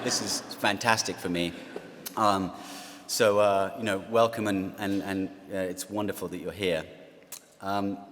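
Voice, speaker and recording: Halting English man speaking in a hall. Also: fairly low pitch. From England. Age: 40s. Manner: self-deprecating, halting with many fillers. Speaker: guest speaker. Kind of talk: speech to an audience. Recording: long hall reverb.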